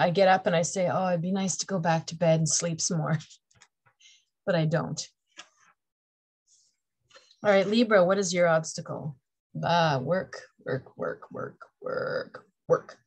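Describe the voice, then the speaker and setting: A woman's voice: low voice, breathy edge. A middle-aged woman from Canada giving a chatty, playful tarot reading to camera, laughing often between her points. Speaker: tarot reader.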